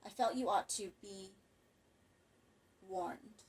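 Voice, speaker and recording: A woman's voice: medium pitch, takes it slowly, a little mellow, husky, distant mic, poor audio. A woman reading an audiobook voices a cultured retired male theater trustee who speaks persuasively and rhetorically. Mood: grave. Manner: courtly, melodramatic.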